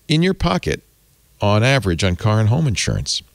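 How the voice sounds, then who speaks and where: A man hosting a tech podcast, chatting casually and reading an ad in a rambling, animated way. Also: lowish voice, normal speed, dry recording, clean studio sound. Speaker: podcast host. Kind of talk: casual tech podcast chat and live ad read.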